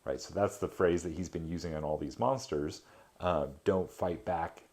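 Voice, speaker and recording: Guy with a really low voice reading a poem and then talking it through, lots of uhs and ums. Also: darkish tone. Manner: halting, with many filler words while explaining. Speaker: podcast host reading and explaining a poem. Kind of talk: reading aloud with casual commentary.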